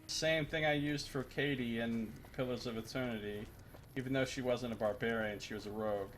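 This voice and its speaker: A man's voice: mid-range voice, fairly even intonation, fairly quick, a bit bright, soft background music. A man streaming a game live, chatting casually with his viewers and cracking profane jokes. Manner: profane, joking asides to chat. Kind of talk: casual live-stream commentary while gaming.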